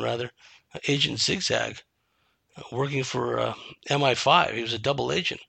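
A man's voice: medium pitch, creaky, pushed and bright, no echo. A man giving a solo commentary monologue, emphatic and dismissive, asking rhetorical questions.

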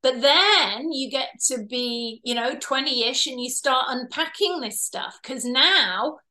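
A bright, tense-toned woman speaks at a fairly high pitch. She talks at length in an interview, explaining her healing work. She slips into little acted voices for parents and children along the way. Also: slow. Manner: animated, acts out quoted parents and children. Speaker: past life regressionist and healer.

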